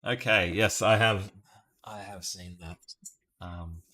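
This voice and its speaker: A young Australian man chatting on a live stream, his tone bright and forward. He talks at an unhurried, drawn-out pace, thinking out loud and laughing easily between guesses. His voice sits a little low for a man. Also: fairly even intonation. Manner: playful, laughs often, muses through guesses aloud. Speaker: streamer solving word puzzles live. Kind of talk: casual live-stream chat with viewers.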